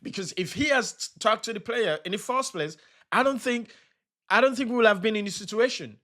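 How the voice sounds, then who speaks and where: A man's voice: high-pitched, a little fast, pushed and bright. A young man hosting a football channel, talking in an agitated, upset way in a fan reaction vlog, repeating himself and firing off rhetorical questions.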